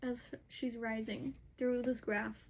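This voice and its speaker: A woman's voice: on the high side, little pitch movement, slow pace, vocal fry, rough recording. A woman casually recapping a book's plot, chatty and filled with "like"s as she retells what the characters say. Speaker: book recap host.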